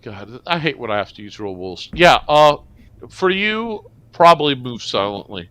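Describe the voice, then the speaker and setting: A man's voice: medium pitch, very animated, moderate pace, sharp tone, no room sound. A man running a tabletop game as game master, narrating in a loose, joking, profane way.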